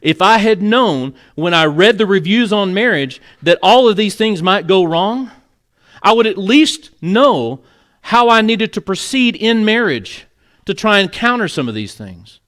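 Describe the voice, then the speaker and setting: A man preaches to his congregation in an earnest, conversational way. He talks plainly and now and then grows emotional. His voice sits a little higher than most men's. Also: lively intonation, a little slow, fairly bright tone. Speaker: pastor. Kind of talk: sermon. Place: church sanctuary.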